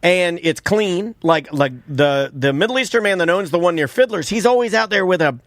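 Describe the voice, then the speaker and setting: A man's voice: high-pitched, moderate pace, no echo. A man co-hosting a radio show, bantering and joking loosely with some swearing. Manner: animated, joking, swears freely. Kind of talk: casual banter.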